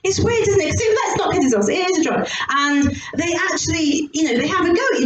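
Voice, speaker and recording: A woman comedian tells crude stories on stage, giggling as she goes. Her voice is high and swoops widely up and down. The sound is echoey and distant, with noise in the room. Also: fast talker, hardly any pauses. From Somerset, England. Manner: animated, giggly, crude storytelling. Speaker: stand-up comedian. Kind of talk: stand-up comedy set.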